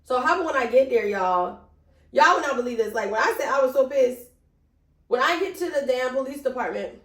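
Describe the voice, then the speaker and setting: A young woman telling a casual storytime vlog, animated and chatty, swearing freely and calling her viewers y'all. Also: fairly high pitch, quick pace, roomy sound. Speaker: vlogger.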